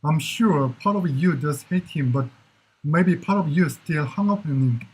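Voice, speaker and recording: A man shadows English drama dialogue, repeating each phrase many times. His voice is husky and sits a little high, and he speaks slowly and with care. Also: darkish tone, poor audio. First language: Korean. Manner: repeats short phrases again and again, slow and careful. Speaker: English learner. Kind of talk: shadowing drills of drama lines.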